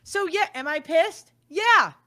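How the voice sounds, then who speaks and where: A woman's voice: very high voice, expressive, slow, pushed and bright. A young woman giving an angry, blunt monologue, swearing often as she vents. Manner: blunt, profane and heated. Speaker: commentator.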